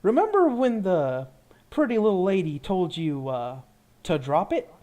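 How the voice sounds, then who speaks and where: A player voicing a calm, cautious adventurer in a tabletop game, speaking in a hushed, low, conspiratorial way. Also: a little slow. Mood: cautioning. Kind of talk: tabletop role-play.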